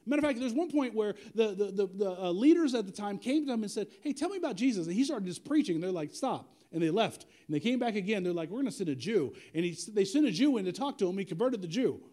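A male pastor preaching a sermon in an animated, conversational way, using slang and asking the congregation direct questions. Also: high-pitched, quick pace, few pauses.

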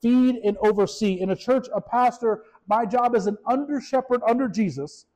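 A man, a pastor, giving a casual, animated sermon, often repeating words and asking his listeners questions. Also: extremely high pitch, normal speed, low-quality recording. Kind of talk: conversational sermon.

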